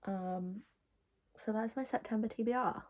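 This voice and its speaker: A woman's voice: on the high side, normal speed, a little mellow, low-quality recording. A woman chatting casually to camera about books, self-deprecating and sometimes dropping into whispered asides. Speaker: book vlogger.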